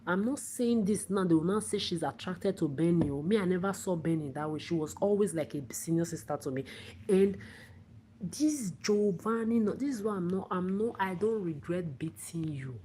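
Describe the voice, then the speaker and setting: Low-voiced woman ranting angrily. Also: lively intonation, moderate pace, mellow, slight background noise, rough recording. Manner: profane, repetitive, confrontational. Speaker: livestreamer. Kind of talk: angry livestream rant.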